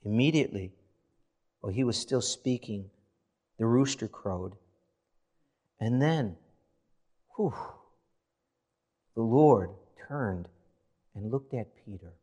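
A man's voice: medium pitch, slow pace, long pauses, warm tone. A man preaching a sermon as pastor, reading scripture aloud and building emphasis as he goes.

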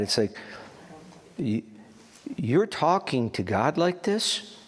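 A man teaching a Bible study, reading scripture aloud and then explaining it in a halting, conversational way. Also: on the high side, very animated, breathy edge. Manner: slow, halting, conversational asides.

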